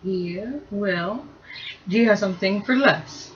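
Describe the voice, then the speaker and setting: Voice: mid-range voice, slow pace, fairly bright tone. Cursing sarcastic game player, mid voice, lo-fi recording with light hiss. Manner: sarcastic, cursing, laughs easily. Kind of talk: casual tabletop game play. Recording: dull lo-fi recording with faint hiss.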